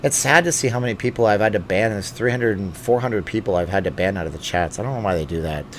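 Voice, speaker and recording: A man's voice: fairly low pitch, fast, a little hiss or hum. Chatty man hosting a live stream. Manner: chatty, jokey, reads comments aloud. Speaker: livestream host. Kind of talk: casual live chat. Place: home studio with hot lights. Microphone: studio microphone.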